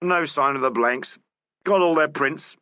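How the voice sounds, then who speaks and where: A man's voice: a little high, unhurried, sharp tone, clean tone, no room sound. A man reading the part of a bored, laconic, sardonic male fingerprint expert.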